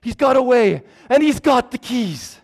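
A preacher voicing Satan as a frantic, high-pitched male figure who keeps repeating himself. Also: lively intonation, a little slow, full character voice. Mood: alarmed.

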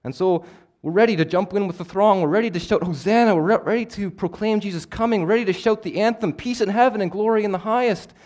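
A man preaching a sermon, swinging between emphatic, louder passages and hushed, quiet ones. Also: high-pitched. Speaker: pastor.

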